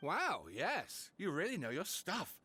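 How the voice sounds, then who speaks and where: A man's voice: high-pitched, a little slow, faint music behind, full character voice. An actor playing an eager male writer who talks theatrically and builds up his reveals. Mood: explaining. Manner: theatrical, excitable, dramatic build-ups.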